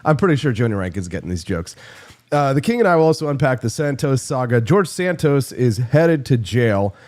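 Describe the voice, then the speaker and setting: A man hosting a live political talk show, joking and sarcastic with quick asides. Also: mid-range voice, sing-song, a little mellow. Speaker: host.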